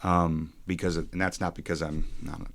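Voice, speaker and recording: A pastor in his forties who talks in a halting, reflective way, with many ums and restarts. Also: very deep voice, little pitch movement, gravelly, a bit bright. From suburbs of Chicago. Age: 40s. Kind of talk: casual podcast conversation.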